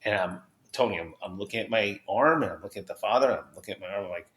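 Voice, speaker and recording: Bright, high-energy man from New Jersey. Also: fast, few pauses. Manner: high-energy, many restarts and "you know"s, acts out quotes. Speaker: podcast guest. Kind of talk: animated storytelling in conversation. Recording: roomy echo.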